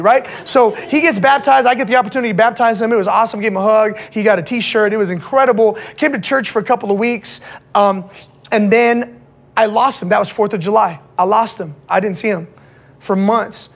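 Husky-voiced casual preacher. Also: medium pitch, steady tone, fairly quick. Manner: casual slangy preaching with constant "right?" check-ins. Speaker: pastor. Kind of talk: sermon to young people.

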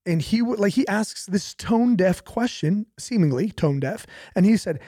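A man's voice: sits high, animated, normal speed, hardly any pauses, dark tone, no room sound, studio quality. A young man, a pastor, talking casually about faith, telling stories animatedly with laughs and repetition.

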